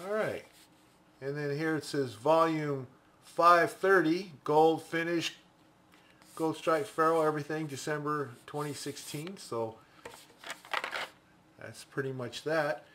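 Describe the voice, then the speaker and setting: A man's voice: a little high, fairly even intonation, takes it slowly, long pauses, a bit bright. A man giving casual, enthusiastic unboxing commentary on a pencil, chatting and thinking aloud as he goes. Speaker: pencil reviewer.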